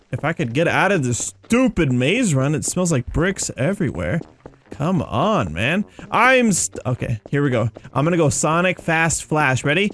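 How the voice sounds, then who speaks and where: A man giving excitable let's-play commentary, mocking enemies and yelping and screaming when chased. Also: mid-range voice, slight background noise. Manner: playful, mocks the enemies. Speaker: gaming commentator.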